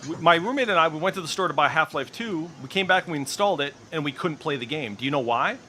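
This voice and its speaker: A middle-aged man holds forth on his stream in a bright, lively voice that swings up and down as he goes. He swears constantly and states his opinions bluntly. Faint noise sits under the recording. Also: a little high, quick pace. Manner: profane, opinionated, ranting. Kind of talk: casual voice chat.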